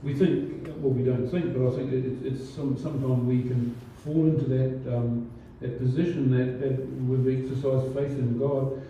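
Preaching in a conversational style, this male pastor leans on many fillers and restarts, speaking at normal speed with hardly any pauses. His mid-range voice is warm and has little pitch movement. The church recording sounds distant, roomy and dull, with some hiss or hum.

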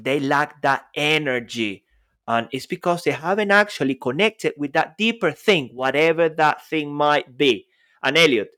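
A man with a somewhat high voice co-hosts a relaxed podcast conversation. He talks with eager emphasis and leans on rhetorical questions to drive his points. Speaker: podcast co-host.

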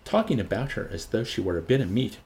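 A man's voice: fairly low pitch, animated, fast talker, gravelly, a little mellow. A man reading an audiobook voices a bitter, jealous young man in an agitated, resentful tone. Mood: seething.

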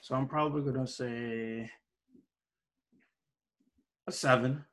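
A man's voice: mid-range voice, fairly even intonation, slow, fairly bright tone. A man casually reviewing anime episodes with a co-host, rambling and restarting his sentences often. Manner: rambling, hesitant, many restarts and fillers.

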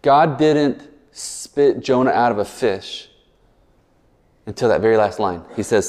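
Chatty preacher in a big reverberant hall. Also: male voice, mid-range voice, lively intonation, a little slow, darkish tone. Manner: chatty, verbose, digressing with asides and jokes. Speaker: pastor. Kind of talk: sermon. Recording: long reverb in a large hall.

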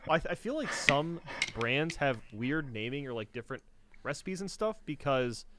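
A man's voice: fairly high pitch, very animated, normal speed, very noisy. Rambling American man in casual chat. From United States. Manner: rambling, says he slurs words. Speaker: podcast guest.

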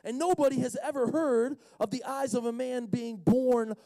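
A man giving a casual, storytelling sermon, animated and slangy, acting out the characters as he retells the story. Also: extremely high pitch, normal speed, dry recording. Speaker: speaker at a Friday night session.

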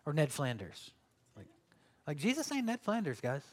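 A man's voice: on the high side, wildly swooping pitch, moderate pace. A man, preaching a sermon in a conversational, joking way that rises to emphatic calls. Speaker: pastor.

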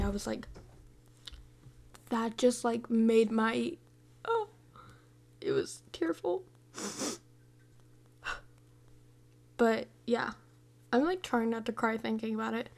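A woman's voice: a little high, slow pace, pauses often. A young woman hosting a podcast, rambling through a casual film review with constant fillers and restarts. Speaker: podcast host.

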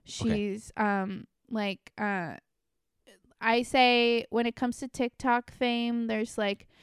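Young woman rambling chatty stories, lots of likes and ums, really clear voice, dry sound. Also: fairly high pitch, fairly even intonation, drawn-out words, dry recording. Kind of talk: casual chat.

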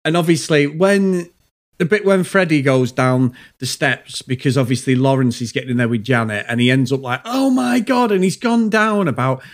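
A man's voice: medium pitch, normal speed. A man, co-hosting a casual film review podcast, telling stories with lots of swearing. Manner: swears freely, animated storytelling. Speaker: podcast co-host.

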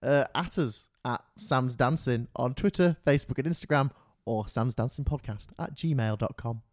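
A man's voice: mid-range voice, moderate pace. A man co-hosting a podcast, chatting casually in a teasing, jokey manner. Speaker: podcast co-host. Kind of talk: casual chat.

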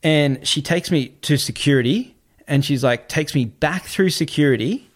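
A man's voice: on the high side, moderate pace. Man telling a long story. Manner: animated, repetitive, swears freely. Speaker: podcast guest. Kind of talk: casual storytelling.

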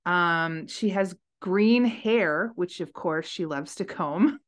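A woman's voice: on the low side, slow. A young woman co-hosting a podcast in casual chat, chatty and laughing often. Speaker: podcast co-host.

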